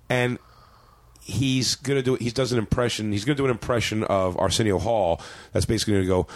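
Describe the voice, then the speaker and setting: A man with a somewhat low voice holds the floor as a comedian on a casual podcast. He rambles through profane stories, slipping into quoted voices. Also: brisk, dry recording.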